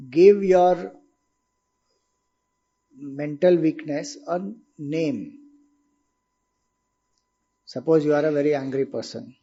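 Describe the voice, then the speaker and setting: A man's voice: on the high side, warm tone. Indian-accented man giving a spiritual talk. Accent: Indian English. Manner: explanatory, conversational, with rhetorical questions. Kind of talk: informal spiritual discourse. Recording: dull lo-fi recording.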